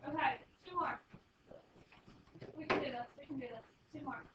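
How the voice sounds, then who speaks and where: A high-pitched woman teaches a math class, prodding students with questions and cheering them on. She is caught from across an echoey classroom. The sound is muffled and noisy. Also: moderate pace, recorded from a distance. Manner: encouraging, coaxing students with questions. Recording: echoey muffled room recording from afar, noisy.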